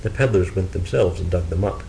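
A man's voice: sits low, fairly quick, vocal fry, warm tone, slight background noise, rough recording. A man voicing a scatterbrained, cheerful young wife in a storybook reading, raising his voice to chatter innocent excuses. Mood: eager.

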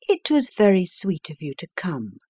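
Woman doing a gentle, soothing young wife. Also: lowish voice, very animated, normal speed, slightly rough, no room sound, studio quality. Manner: gentle, soothing, lightly raised. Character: kindly, composed young doctor's wife. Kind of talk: audiobook character voice.

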